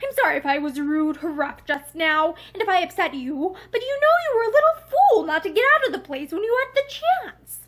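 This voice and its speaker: A woman's voice: high-pitched, moderate pace, hardly any pauses. A woman voicing a proud, angry young man who speaks curtly. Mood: brusque. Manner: brusque, forceful.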